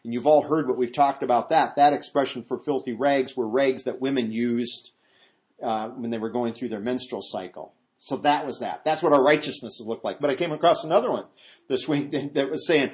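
A man, a pastor, preaching an expository sermon in an animated way, moving from loud exclamations to hushed asides and acting out voices in his stories. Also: mid-range voice, fairly quick.

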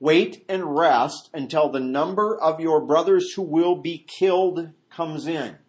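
A man's voice: on the high side, a little slow. A man preaching a verse-by-verse Bible study, talking conversationally and jumping his voice up to act out quotes. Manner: animated, acts out quotes in a raised voice; conversational asides and restarts. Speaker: pastor.

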